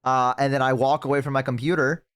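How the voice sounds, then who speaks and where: Excitable young male streamer, dry close mic. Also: fast talker, clear, resonant tone, no room sound. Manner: excitable, swears a lot, jumps to high-pitched outbursts. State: has the hiccups. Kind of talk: casual stream chat with a friend.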